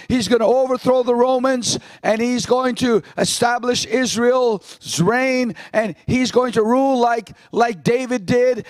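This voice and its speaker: A man's voice: extremely high pitch, no echo, poor audio. A man, a pastor, preaching a sermon in an emphatic style, quoting scripture.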